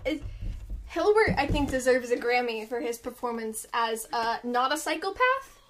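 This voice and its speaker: A woman with a high voice co-hosts a chatty podcast. She is excitable and keeps cutting in, with "like" scattered all through her talk. Her pitch sits well above the usual. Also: normal speed, slight background noise. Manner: excitable, cuts in often, many filler "like"s. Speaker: podcast co-host. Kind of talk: casual chat.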